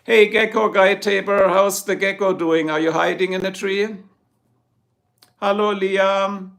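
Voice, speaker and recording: A man from Germany, speaking with a German accent, hosts a laid-back livestream from his Ohio home, greeting people by name, joking, and reading comments. His high voice is gravelly and fairly bright, with a steady tone and an unhurried pace.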